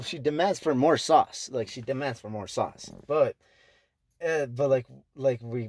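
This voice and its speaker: A young man hosting a casual podcast, rambling through stories with constant fillers, cussing and quick laughs. His voice sits at an ordinary middle pitch. It is recorded dry, close and clean. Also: darkish tone, dry recording. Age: young adult. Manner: loose, profane, full of "like" fillers, laughs often. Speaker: podcast host.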